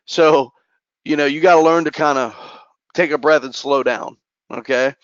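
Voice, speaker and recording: Hyped up caffeinated sales trainer guy, kinda high voice, dry muffled audio. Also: no room sound. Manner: energetic, fast-talking, caffeinated. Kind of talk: sales training with role-play.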